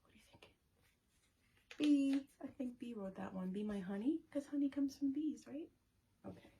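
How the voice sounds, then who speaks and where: A woman librarian leading story time for young children, reading and rhyming in an animated, sing-song way and asking them questions. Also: high voice, normal speed, a little hiss or hum.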